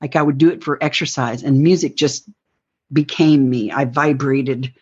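A woman's voice: rumbling low, fairly even intonation, normal speed, breathy edge. Woman telling a rambling story, lo-fi. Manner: rambling, acts out quoted lines. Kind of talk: personal storytelling. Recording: dull lo-fi recording.

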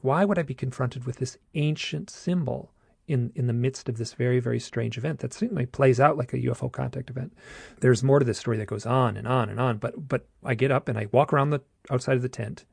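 Man, gravelly husky voice, halting storytelling, dry close sound. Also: mid-range voice, a little mellow, no room sound. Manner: halting, restarts often, says "like" a lot. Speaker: guest telling his own story. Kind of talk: casual storytelling.

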